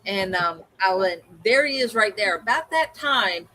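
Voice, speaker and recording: A woman co-hosting a livestream, telling an animated story in casual chat and acting out the voices of the people in it. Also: medium pitch, a little slow, slight background noise, rough recording. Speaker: co-host.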